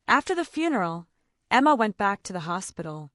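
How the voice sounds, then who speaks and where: A woman narrating an emotional story in a measured, heartfelt way. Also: mid-range voice, big pitch swings, fairly bright tone, no echo, studio quality.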